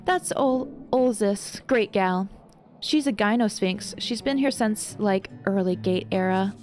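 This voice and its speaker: A woman's voice: medium pitch, measured pace, darkish tone, soft background music, natural voice. A woman voicing a shrewd, cheerful tiefling tavern keeper who talks in a gossipy, chatty way.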